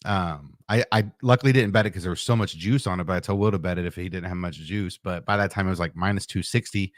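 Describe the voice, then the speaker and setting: A man's voice: sits low, fast talker, no echo, studio quality. A man co-hosting a casual sports betting chat, laid-back and explaining at length.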